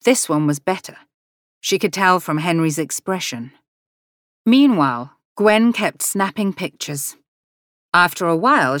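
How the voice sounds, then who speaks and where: A woman narrating a novel as an audiobook, gently voicing each character in the dialogue. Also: medium pitch, dry recording, studio quality. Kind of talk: scripted narration.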